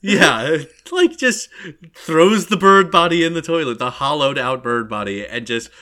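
A man with a slightly high, bright voice who talks slowly and laughs through nearly every line. His delivery is unhurried and loose, like easy chat among friends. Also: expressive. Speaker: podcast co-host. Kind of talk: casual anime discussion chat.

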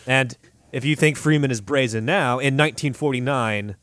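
A man's voice: mid-range voice, normal speed, no echo. A man casually recounting a story to friends on a podcast, swearing freely and acting out what people said. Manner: animated, swears freely, acts out quotes. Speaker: podcast host. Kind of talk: casual profane storytelling chat.

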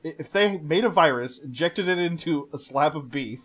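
A man's voice: fairly high pitch, lively intonation, normal speed. Joking man in casual recap chat. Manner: chatty, joking, laughs often. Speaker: podcast co-host.

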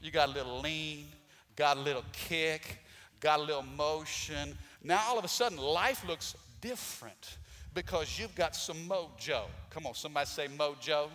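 High bright-voiced preacher man. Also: normal speed, long reverb tail. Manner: call-and-response preaching, rising to emphatic peaks. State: out of breath. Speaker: pastor. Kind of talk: sermon. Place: church sanctuary.

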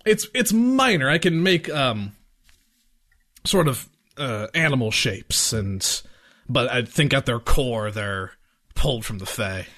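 A man's voice: mid-range voice, expressive, takes it slowly, fairly bright tone. A man playing a tabletop game, talking in character in a casual, tentative way with fillers. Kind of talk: casual in-character role-play.

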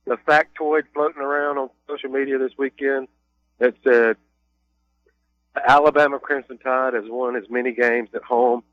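A man's voice: medium pitch, fairly even intonation, normal speed, no room sound, muffled recording. A man co-hosting a sports radio show, easygoing and chuckling as he chats. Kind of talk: casual sports radio chat. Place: radio studio.

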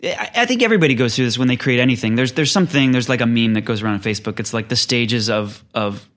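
A man's voice: medium pitch, fast. A man in easy conversation about writing and directing plays. He tells stories with energy and slips into quoted voices to act out what people said. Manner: animated storyteller, acts out quotes. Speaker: playwright and director. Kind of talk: casual conversation.

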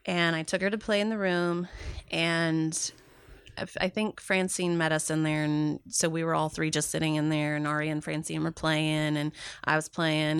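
A woman telling a painful family story in a slow, halting way. Her voice has a gravelly edge. The recording is dry and close. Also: lowish voice, fairly bright tone, dry recording. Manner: slow, halting retelling with quoted dialogue. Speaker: guest, mother. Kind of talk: emotional personal story.

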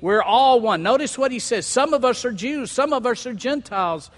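Man, pastor, sermon, emphatic, repeats phrases, high voice, long church reverb. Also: animated, fairly bright tone. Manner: emphatic, repeats key phrases, slows for stress. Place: church sanctuary.

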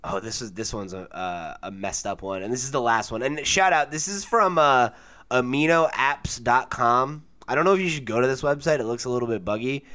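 A young man hosting a casual podcast, laid-back and quick to laugh, with lots of fillers. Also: mid-range voice, bright, forceful tone. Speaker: podcast host.

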